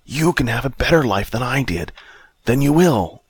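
A man's voice: mid-range voice, animated, moderate pace, breathy edge, no room sound, pitched above the performer's own voice. A man reading an audiobook, voicing an impatient older man who sighs a lot and turns out to be the narrator's future self. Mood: earnest. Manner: sighing, impatient.

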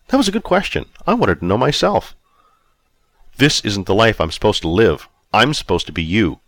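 A man's voice: fairly low pitch, sing-song, normal speed, vocal fry, a bit bright, dry recording. A man narrating a first-person story aloud in a wry, self-mocking way. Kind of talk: audiobook reading.

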